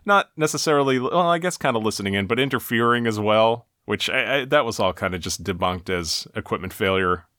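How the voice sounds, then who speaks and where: Animated American podcast host, dry sound. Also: male voice, lowish voice, brisk, hardly any pauses, no echo. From Boston area, USA. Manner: chatty, recaps the episode with laughs. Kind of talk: casual podcast recap.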